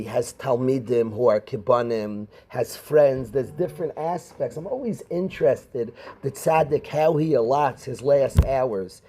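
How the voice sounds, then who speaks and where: A middle-aged rabbi, teaching a class of students and calling on them by name with questions. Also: male voice, mid-range voice, mellow, slight background noise, poor audio. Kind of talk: Torah class.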